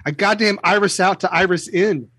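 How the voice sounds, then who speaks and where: A man's voice: high-pitched, moderate pace, a bit bright, husky, no echo. A man in a casual film discussion, wisecracking and profane in his quips.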